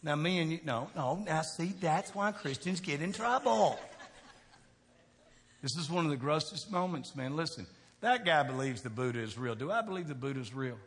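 A man preaching a sermon, talking with the crowd in a chatty way, asking questions, going from quiet to loud. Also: a little high, expressive, moderate pace, slightly rough. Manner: conversational preaching, asks the crowd questions, swings from soft to shouting. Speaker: pastor. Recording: long hall reverb.

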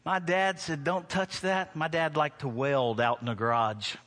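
A middle-aged male pastor preaches a sermon to a church congregation, blending humorous stories with emphatic preaching. His medium-pitched voice is animated and a bit bright, and his pace is moderate.

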